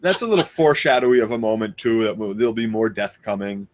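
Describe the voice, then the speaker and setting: A man's voice: fairly low pitch, expressive, fast, crowd noise. A man co-hosting a casual recap chat who jokes and swears freely. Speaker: podcast co-host.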